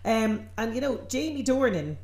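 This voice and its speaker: A woman with an Irish accent co-hosting a casual podcast chat, wry and animated. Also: fairly high pitch, normal speed, reverberant. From Ireland. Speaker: podcast co-host.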